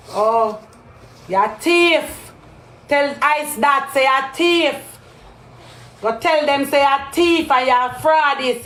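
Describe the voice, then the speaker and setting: A woman with a Jamaican accent on a heated live-stream rant, repeating accusations and breaking into loud outbursts. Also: sits high, echoey room.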